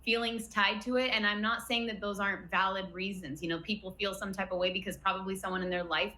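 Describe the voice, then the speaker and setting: A woman from the States talks in a relaxed roundtable, her voice bright and forward. She tells her stories with animated energy. A faint background noise sits under her voice. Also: medium pitch, quick pace, poor audio. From United States. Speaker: guest YouTuber. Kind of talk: casual roundtable chat.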